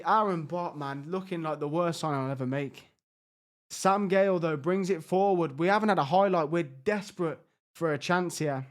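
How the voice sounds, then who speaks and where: Brief: high-pitched gamer, excitable, frustrated reaction commentary. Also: male voice. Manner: exasperated, excitable, talks to his players. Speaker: gaming YouTuber. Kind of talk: live reaction commentary on a football management game.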